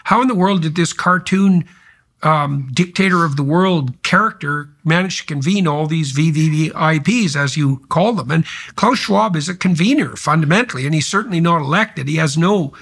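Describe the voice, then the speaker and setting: A man's voice: a little high, moderate pace, a bit bright. A man hosting a podcast, talking in an emphatic, heated way in long run-on sentences. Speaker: podcast host. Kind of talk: casual conversational podcast talk.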